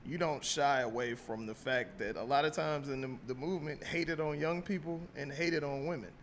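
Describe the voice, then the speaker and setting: A man's voice: a little high, normal speed, a bit bright, slight background noise. A man hosting a podcast, asking reflective questions in a casual interview. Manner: thoughtful, asks reflective questions. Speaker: podcast host.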